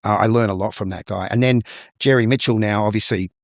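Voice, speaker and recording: A man's voice: on the low side, fast, no room sound, clean studio sound. A middle-aged Australian man, a musical theatre performer, telling stories from his career in an interview and acting out the voices of the people he quotes. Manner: lively storyteller who acts out the people he quotes. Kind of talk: interview storytelling.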